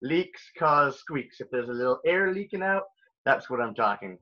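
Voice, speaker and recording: A man's voice: medium pitch, expressive, normal speed, sharp tone, dull audio. A man teaching a recorded elementary music lesson, upbeat and playful as he talks straight to young children.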